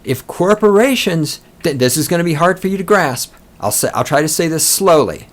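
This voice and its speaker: Man, podcast host, sarcastic profane rant, very lively pitch. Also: normal speed, hardly any pauses. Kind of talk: ranting political commentary.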